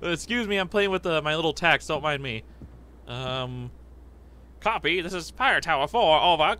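A young man narrates his horror game playthrough in an excitable, jumpy way. His voice sits high and swings wildly in pitch as he chatters to viewers. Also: normal speed, a little hiss or hum. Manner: excitable, jumpy, laughs and yelps often. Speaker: gaming channel host. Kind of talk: let's play commentary.

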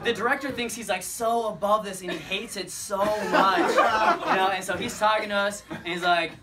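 A man's voice: high-pitched, animated, moderate pace. A young man with an American accent doing stand-up comedy. He talks in a chatty, self-deprecating way and laughs often. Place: live comedy venue. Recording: distant live mic, loud crowd and noise.

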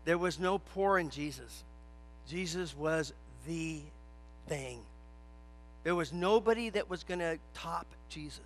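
A man's voice: on the high side, unhurried, faint music behind. A man preaching a sermon in a church, stressing his points with repetition and telling a joke story. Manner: emphatic, repeats key phrases.

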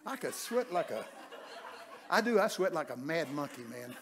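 A man's voice: on the high side, very animated, normal speed, noisy background. An older man preaching a humorous, folksy sermon full of stories, often laughing and acting out voices.

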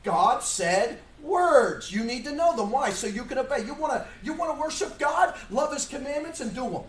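A man pastor preaching a sermon, emphatic and full of rhetorical questions, at times shouting. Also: very high voice, lively intonation, normal speed. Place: church sanctuary. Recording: echoey church room from far off.

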